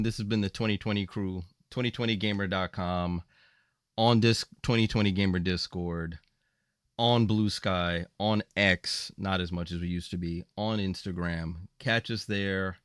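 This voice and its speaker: A man's voice: on the low side, clean tone, dry recording, clean studio sound. A man hosting a casual gaming podcast, joking with his guests and rattling off where to find the show. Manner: relaxed, joking, rattles off plugs. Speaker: podcast host. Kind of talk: casual chat.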